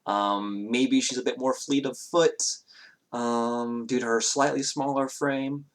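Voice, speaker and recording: A man's voice: mid-range voice, steady tone, takes it slowly. A man narrating as game master, talking casually with lots of hesitations. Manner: hesitant, many fillers and restarts.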